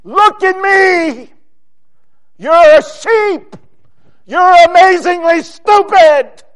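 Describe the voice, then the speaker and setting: A stern, booming God scolding his foolish sheep, as a male preacher puts him on. The rebukes are shouted and slowly stretched out, pitched very high and strained with exasperation. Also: full character voice.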